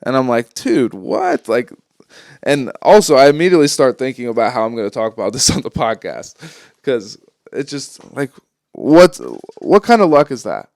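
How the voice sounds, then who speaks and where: A man's voice: medium pitch, big pitch swings, moderate pace, a little mellow, dry recording, studio quality. A young man hosting a podcast, telling a long story in a rambling, casual way, full of swearing and ums. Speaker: podcast host.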